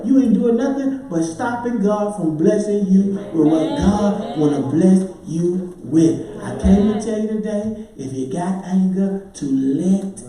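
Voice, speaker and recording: Man, pastor, sermon, acts out voices, shouts and sings, mellow tone, reverberant hall. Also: sits high, measured pace, few pauses. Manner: animated preaching, acting out congregants' voices, with shouts and sung phrases. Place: church sanctuary. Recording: echoey church heard from far off.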